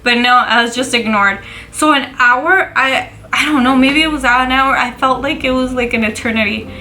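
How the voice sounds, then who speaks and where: A woman's voice: sits high, normal speed, pushed and bright, slight background noise, low-quality recording. A young woman, candidly retelling a painful personal story in a profane, emotional vlog. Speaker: vlogger.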